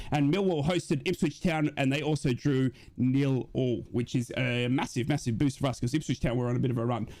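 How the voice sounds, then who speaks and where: A man runs a live stream in a loose, matey way, talking straight to his viewers. His voice sits high for a man. He jumps from easy chatter to excited shouts. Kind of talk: casual live-stream chat.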